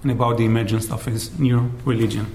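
Male lecturer, measured academic delivery, average pitch, roomy reverb. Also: level tone, creaky, a little mellow, slight background noise. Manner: measured, frequent "right?" checks. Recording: roomy echo.

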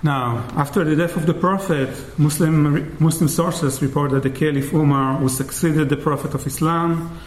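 A man giving an academic lecture in a measured way, often checking in with "right?". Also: a little high, steady tone. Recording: roomy echo.

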